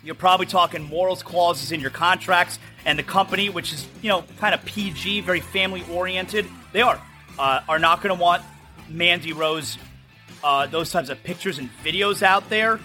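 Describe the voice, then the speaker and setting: A man hosting a solo sports talk show, rambling fast and opinionated about games and news. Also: high voice, sharp tone, faint music behind.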